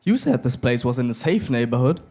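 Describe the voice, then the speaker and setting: A man's voice: mid-range voice, very animated, a little fast, darkish tone, close to an everyday voice. Anxious young mum, fussy and worried, read by a young man with a German accent.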